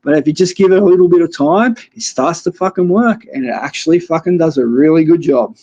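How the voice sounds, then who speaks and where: A man's voice: a little high, brisk, a little mellow, lo-fi sound. An Australian man telling his own story on a live stream, rambling and blunt with plenty of swearing. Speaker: guest caller. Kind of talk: casual live-stream chat.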